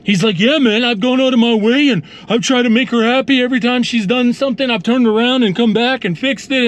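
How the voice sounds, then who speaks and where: Animated high-voiced man telling a story. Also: fairly quick, few pauses. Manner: animated, acts out both sides of a phone call. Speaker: lawn care business owner and channel host. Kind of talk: casual storytelling vlog.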